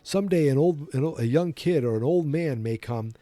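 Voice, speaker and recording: A man voicing a gruff, scheming older man with an insistent, conniving manner. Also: a little high, fairly quick, dark tone, no room sound, voice pushed up, lightly acted. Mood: scolding.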